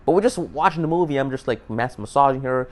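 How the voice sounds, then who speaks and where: A man's voice: mid-range voice, quick pace. A man telling a dating story in a casual, profane monologue, often repeating and restarting words. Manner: animated, emphatic. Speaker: dating advice vlogger.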